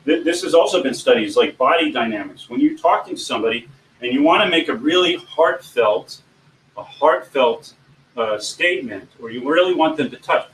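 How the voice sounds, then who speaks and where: A man coaching people on giving presentations in an informal teaching talk, animated and often swinging his voice up and down. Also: mid-range voice, moderate pace. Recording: echoey room, distant mic, faint background hum.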